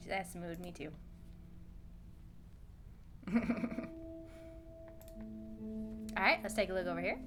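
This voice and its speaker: A woman's voice: on the low side, slow, pauses often, music in the background. A woman streaming a game from home, chatting playfully, laughing often and cooing at her cat. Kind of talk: casual livestream gameplay chat.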